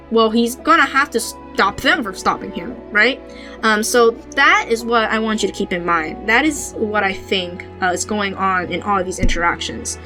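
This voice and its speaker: Bright-voiced chatty woman podcaster. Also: mid-range voice. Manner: rambling, chatty, many fillers and restarts. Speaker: podcast host. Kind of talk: casual manga analysis chat.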